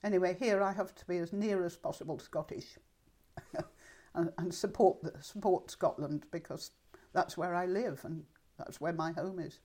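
A woman's voice: on the low side, fairly even intonation, normal speed, warm tone. An older woman being interviewed, reminiscing in a chatty, thoughtful way and speaking her mind. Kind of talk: reminiscing oral-history interview.

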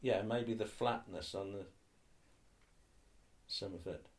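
Thoughtful older man, lowish voice. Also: takes it slowly. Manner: thoughtful, hesitant, restarts often, uses tag questions. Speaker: interviewee. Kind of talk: reflective oral-history interview.

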